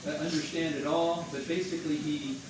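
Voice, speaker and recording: A man's voice: fairly high pitch, level tone, fairly quick. Chatty man in an echoey room. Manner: chatty, joking storyteller. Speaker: book co-author presenting his book. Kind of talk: informal slideshow talk to friends and family. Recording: echoey room, distant mic, background noise.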